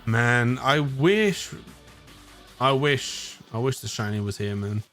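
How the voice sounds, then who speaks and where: A weary man with an English accent rambles through relaxed live-stream chat, his voice sitting at an ordinary middle pitch and chuckling at his own jokes. Soft music plays quietly underneath. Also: slow pace. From United Kingdom. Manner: rambling, chuckles often, self-mocking. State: tired.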